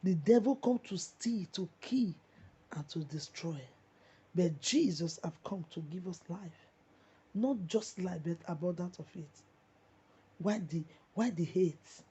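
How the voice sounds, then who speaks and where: A woman's voice: lowish voice, measured pace, dark tone, husky. Impassioned Nigerian woman preaching. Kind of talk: preaching monologue. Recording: muffled lo-fi recording.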